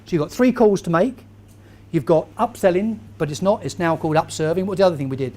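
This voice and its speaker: Animated man giving a keynote. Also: sits high, quick pace. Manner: animated storyteller, quizzes the crowd. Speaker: keynote speaker. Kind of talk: motivational talk to a live audience.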